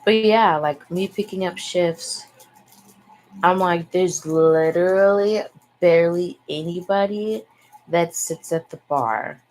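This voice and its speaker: A woman's voice: on the low side, takes it slowly, a little mellow, rough recording. A young woman vlogger chatting in a frank, rambling way, sighing and swearing freely. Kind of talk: casual rambling chat. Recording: faint background noise.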